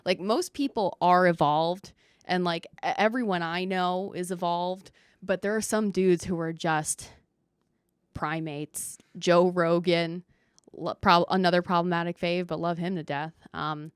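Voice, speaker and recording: A woman with a lowish voice hosts her podcast, rambling through sarcastic jokes and swearing freely. She sounds close and dry on the mic. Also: fairly even intonation, unhurried, clear, resonant tone, no room sound. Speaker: podcast host. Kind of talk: casual comedic monologue.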